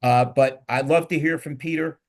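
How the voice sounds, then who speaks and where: Middle-aged male host, Philly accent, rambling and jokey, energetic panel banter. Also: a little high, moderate pace. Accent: Philadelphia. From Philadelphia. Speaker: podcast host. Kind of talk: casual panel talk.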